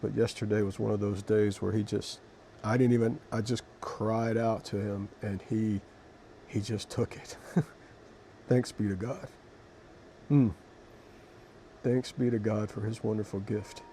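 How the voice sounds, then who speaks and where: A man reading scripture and then reflecting on it in an emotional, halting way, with many restarts. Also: on the low side, level tone, warm tone, a little hiss or hum. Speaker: Christian devotional video host.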